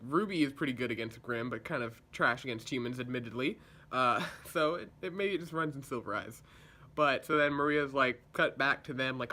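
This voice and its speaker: A man's voice: medium pitch, pushed and bright. A young man recapping and reviewing a show episode in a casual, sarcastic, chatty way, slipping into voices for quotes.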